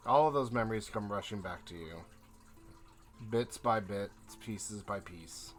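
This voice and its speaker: A man narrating as game master in a tabletop game, painting scenes in slow, descriptive detail. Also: on the low side.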